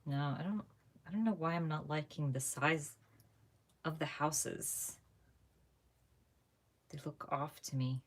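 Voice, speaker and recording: A woman hosting a casual live craft stream from home, chatty and laughing often, her voice jumping up when she gets excited. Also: deep voice, slow pace, long pauses, slightly rough. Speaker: craft channel host.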